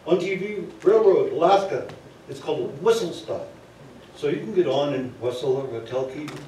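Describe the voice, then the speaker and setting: A fairly high-voiced man spins a story for a live audience, breaking off to talk to the crowd directly. He is picked up from far off, with a heavy echo around him in the theater. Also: moderate pace, mellow, a little hiss or hum. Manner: chatty, with asides to the audience. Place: theater stage before an audience.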